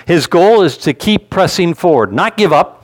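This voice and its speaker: A man's voice: sits high, lively intonation, moderate pace, a little hiss or hum. A male pastor preaching a sermon in a conversational way, asking his listeners questions.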